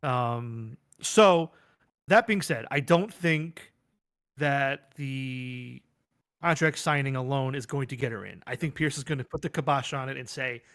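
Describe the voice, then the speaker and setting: A man's voice: mid-range voice, unhurried. A man co-hosting a livestreamed wrestling talk show, chatting casually and animatedly, acting out quotes as he goes. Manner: animated, rambling, acts out quotes. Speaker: podcast co-host.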